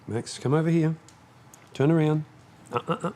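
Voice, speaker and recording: A man hosting a casual live stream from his shed, chatting slowly and snapping commands at his dogs. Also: a little high, expressive. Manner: slow, chatty, scolding his dogs in sharp bursts. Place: home workshop shed.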